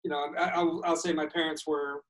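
A man's voice: a little high, little pitch movement, fairly quick, a bit bright, low-quality recording. A man co-hosting a casual chat, talking at length and reflecting on his points.

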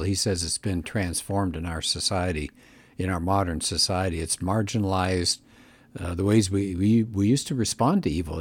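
A man's voice: fairly low pitch, a little mellow, no echo. A man hosting a book review show, talking through a book in an earnest, reflective, conversational way. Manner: earnest and reflective, musing aloud.

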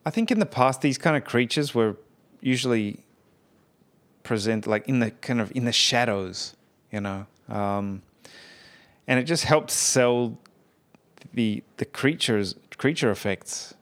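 A man with a smooth, resonant voice and a middling pitch, hosting a podcast. He rambles through his episode review in easy conversation, trailing off and correcting himself as he goes. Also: animated, a little slow. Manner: rambling and chatty, many fillers and self-corrections. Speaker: podcast host.

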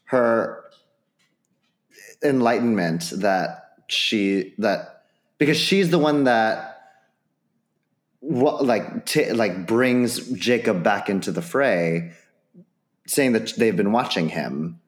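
A man on a podcast panel in casual chat, thinking aloud in a halting way. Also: lowish voice, expressive. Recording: roomy echo.

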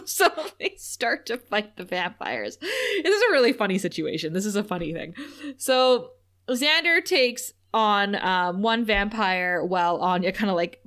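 Young woman on a podcast, giggly, swoops up high when quoting lines. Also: a bit bright. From China. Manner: giggly, laughs often, acts out quotes in a high voice. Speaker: podcast co-host. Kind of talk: casual chat recapping a TV episode.

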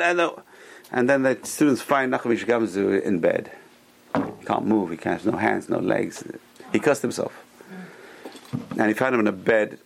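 A man's voice: medium pitch, gravelly. A man teaching a Torah class to a small group, enthusiastic and often exclaiming as he tells stories. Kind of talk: classroom Torah lecture with storytelling.

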